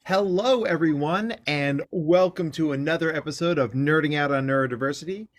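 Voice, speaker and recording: A man's voice: a little high, a little fast, soft background music. A man hosting a podcast as a clinical psychologist, in casual interview talk, playful and joking with rambling asides.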